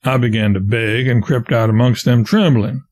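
A man narrating an audiobook of a classic novel in a steady, plain storytelling way. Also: mid-range voice, normal speed.

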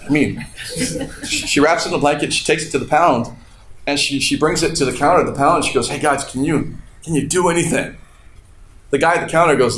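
Pastor, male, slightly high voice, animated storytelling sermon, roomy hall with faint noise. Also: a little fast. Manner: storytelling with laughter and acted-out quotes. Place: church hall. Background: congregation responding.

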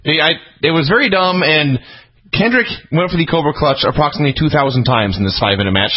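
A man talks fast in casual podcast banter, with dry, sarcastic remarks. His voice has a husky edge and a mid pitch. The lo-fi recording sounds dull. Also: lively intonation. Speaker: podcast co-host reviewing wrestling TV. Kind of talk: casual comedic review chat.

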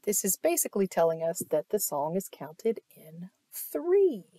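Woman music teacher, online lecture, unhurried and patient, dry booth sound. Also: on the low side, sing-song, warm tone, dry recording. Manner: explanatory, asks "right?" often, claps to demonstrate.

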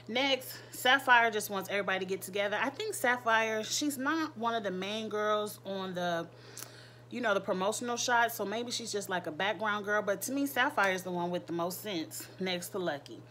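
A woman's voice: medium pitch, moderate pace, fairly bright tone, slight background noise. Gossipy woman recapping reality TV. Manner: candid, gossipy, laughing asides, crude slang. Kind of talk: casual recap commentary.

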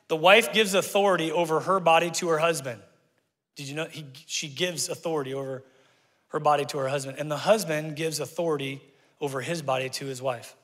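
Animated pastor preaching in a reverberant church. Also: male voice, on the high side. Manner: animated, conversational preaching with asides to the congregation. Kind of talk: sermon. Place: church sanctuary. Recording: long church hall reverb.

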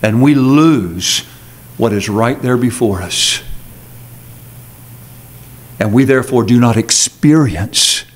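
A man preaching an earnest, emphatic sermon with dramatic pauses, as pastor in a church sanctuary. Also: medium pitch, expressive.

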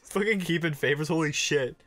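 A man's voice: a little high, a little fast, a bit bright, faint music behind. A man bantering crudely while watching a video game, casual and joking. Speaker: let's play co-host. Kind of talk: casual gaming commentary.

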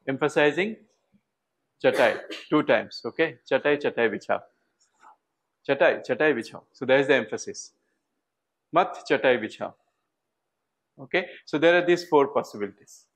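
A man with an Indian English accent teaches a class in a lecture hall. His voice sits a little high for a man. He keeps asking the students questions and repeats words to drive a point home. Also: a bit bright. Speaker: university lecturer.

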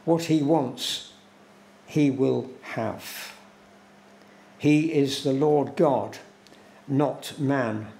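A man preaching a sermon in a church, slow and deliberate, repeating words for emphasis. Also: mid-range voice, gravelly, a little mellow, a little hiss or hum. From England. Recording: echoey church room.

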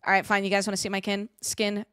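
A woman streaming a game live, chatting with her viewers in an excitable, giggly way. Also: medium pitch, quick pace, clean tone, no room sound, studio quality. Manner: excitable, giggly, talks to chat.

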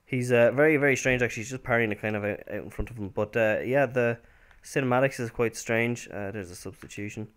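A young man talks loosely through a football video game as he plays, wandering off on tangents with plenty of fillers and restarts. He breaks into sudden excited shouts when a shot goes in. His pitch sits in an ordinary middle range for a man. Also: quick pace, smooth. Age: young adult. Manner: rambling, with sudden excited outbursts. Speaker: gameplay commentator. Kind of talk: casual gameplay commentary.

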